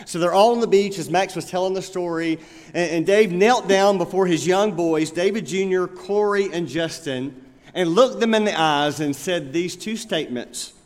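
A male pastor preaching a sermon, telling stories and slowing down to stress his points. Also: high-pitched. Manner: storytelling, emphatic, with slow pointed phrases. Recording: long reverb of a large hall.

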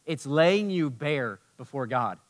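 A man preaching a sermon as a pastor, impassioned, moving between loud emphasis and hushed tenderness. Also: mid-range voice, animated, slow pace.

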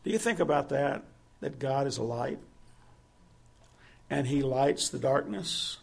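A man's voice: mid-range voice, expressive, a little slow, creaky, breathy edge. A man preaching a sermon, earnest and asking his listeners direct questions.

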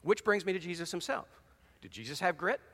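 A male pastor delivers an animated sermon, mixing jokes with dramatic scripture reading. His voice is bright and sits a little high. The sound rings with the long reverb of a big sanctuary. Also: fairly quick. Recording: long reverb of a large hall.

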